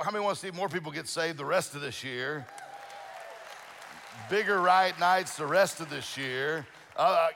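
A man's voice: fairly high pitch, pushed and bright, long reverb tail. A middle-aged male pastor preaching a sermon, telling folksy stories with lots of restarts and fillers. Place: church sanctuary.

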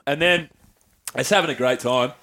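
An Australian man on a podcast, telling a rowdy story in casual chat, animated, often laughing and doing voices. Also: medium pitch, normal speed. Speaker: podcast co-host.

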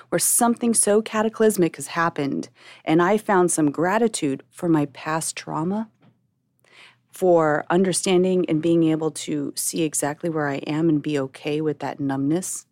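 A woman with a notably low voice speaks in a measured, earnest way on a podcast. She talks reflectively and steadily. The recording is dry and close. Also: a little mellow, no echo. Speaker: podcast host. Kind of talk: reflective monologue.

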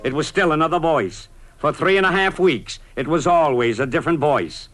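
Brisk, punchy older-style radio newsman. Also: fairly high pitch, a bit bright, faint music behind. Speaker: columnist narrating his own story. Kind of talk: scripted first-person radio storytelling.

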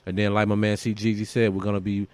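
A man co-hosts a podcast in an easygoing, filler-heavy way. His voice sits a little low and sounds smooth and clear. The recording is dry and close. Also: little pitch movement, fast, a little mellow, dry recording. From Kentucky, US. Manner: laid-back, loose with fillers. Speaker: podcast co-host. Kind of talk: casual podcast chat.

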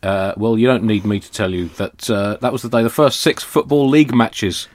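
A man's voice: on the low side, moderate pace. A man with an English accent hosting a comedy podcast, dry, mock-formal and digressive. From Britain.

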